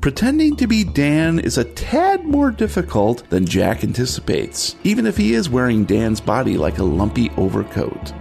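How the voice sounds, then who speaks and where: A man's voice: mid-range voice, huge pitch swings, moderate pace, vocal fry, hardly any pauses, darkish tone, soft background music. A man narrating a horror tabletop game as game master, wry and theatrical.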